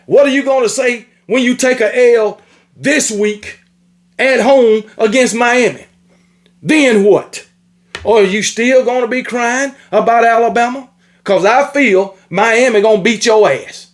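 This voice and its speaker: A man's voice: very high voice, measured pace. A man ranting about college football, scolding and repetitive, with casual swearing. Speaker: sports commentator. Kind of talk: ranting sports opinion monologue.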